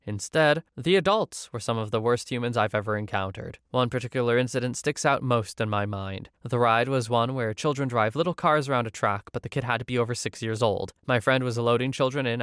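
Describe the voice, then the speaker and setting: A young man narrates first-person stories in a steady, conversational manner at a mid pitch. His voice is smooth and clear, recorded close and dry with no room sound. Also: no echo. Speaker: story reader. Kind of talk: scripted story narration.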